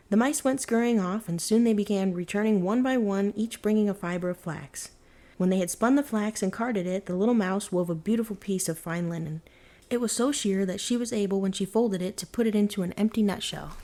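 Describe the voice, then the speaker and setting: A woman reading a folktale aloud as a bedtime story, in a calm, even storytelling manner. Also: medium pitch, a little fast.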